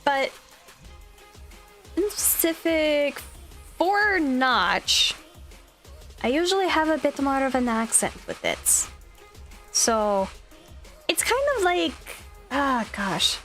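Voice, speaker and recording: A woman's voice: high voice, lively intonation, slow, pauses often, a bit bright, soft background music. A young woman streamer chatting casually, upbeat and rambling with plenty of fillers. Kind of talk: casual chat.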